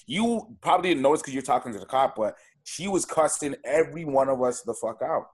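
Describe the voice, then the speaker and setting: A man's voice: medium pitch, expressive, fairly quick, slightly rough. A man who is a podcast guest, talking in casual chat with a blunt, emphatic delivery and heavy swearing.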